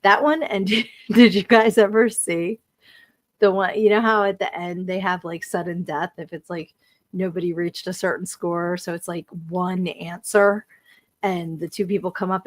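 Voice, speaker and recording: A woman's voice: mid-range voice, no room sound. Woman, forties, stream host, casual chatter, reads viewer comments, laughs a lot, dry close sound. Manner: chatty and animated, heavy use of "like", laughs often. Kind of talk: casual live-stream chat, reading chat comments.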